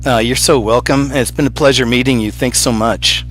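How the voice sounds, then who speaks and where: A man's voice: mid-range voice, steady tone, moderate pace, fairly bright tone, faint music behind. A man hosting a call-in show, chatting casually with callers and laughing often.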